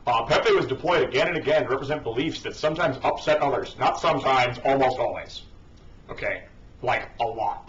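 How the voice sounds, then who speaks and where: A man of middle pitch reads an article aloud and keeps cutting in with scornful, swearing rants. His voice sits back from a cheap microphone, so it comes through muffled and dull. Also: fairly bright tone. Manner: sarcastic, profane, ranting. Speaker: online commentator. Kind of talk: reading an article aloud with mocking asides. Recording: dull distant lo-fi home mic.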